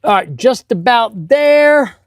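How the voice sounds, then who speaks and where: A middle-aged male mechanic talks through his work on a live stream, rambling from one thought to the next and bursting out loud when something goes right. His pitch swings widely, and the sound is close and dry with no room around it. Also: takes it slowly, no echo. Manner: chatty, excitable and rambling, with sudden loud outbursts. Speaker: auto mechanic and channel host. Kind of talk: casual live-stream chat while working. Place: auto repair garage.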